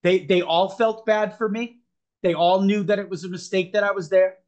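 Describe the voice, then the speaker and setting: A man's voice: sits high, fairly even intonation, normal speed. A man as a podcast guest, earnestly telling a personal story, rambling with frequent restarts.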